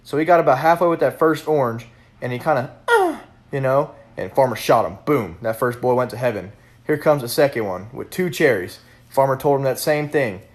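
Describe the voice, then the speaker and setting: A man tells a joke at an unhurried pace. His delivery stays deadpan and laid-back, at a middling pitch. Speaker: joke teller. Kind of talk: casual joke telling.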